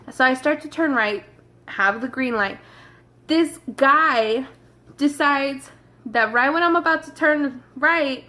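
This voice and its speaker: A young woman telling a storytime vlog in a chatty, rushed way, talking straight to her viewers. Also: a little high, fairly bright tone. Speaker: vlogger.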